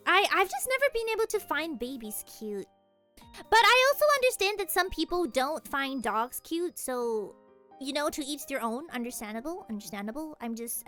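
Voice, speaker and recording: High, bubbly young woman chatting. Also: pushed and bright. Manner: giggly, rambling, self-deprecating. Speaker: streamer. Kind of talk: casual chat.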